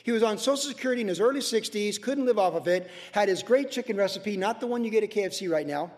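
An older man preaching a sermon from the pulpit in an earnest, emotional way, swinging from soft to loud. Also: high voice, big-room sound. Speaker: pastor. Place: church sanctuary.

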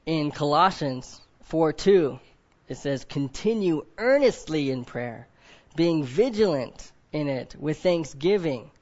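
A man's voice: fairly high pitch, lively intonation, slow pace, dull audio. A man preaching a sermon to a group of men. He keeps asking them questions, often adds "right?", and acts out other people in quoted voices.

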